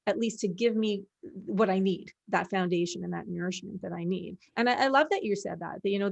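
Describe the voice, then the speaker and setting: A woman's voice: fairly high pitch, gravelly. Earnest, encouraging woman in a podcast chat.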